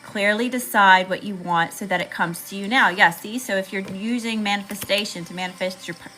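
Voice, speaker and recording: Bright-voiced Southern woman reading tarot. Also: mid-range voice, brisk, faint music behind, low-quality recording. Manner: chatty, slangy, addresses viewers as y'all. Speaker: tarot reader. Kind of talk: live tarot reading to viewers.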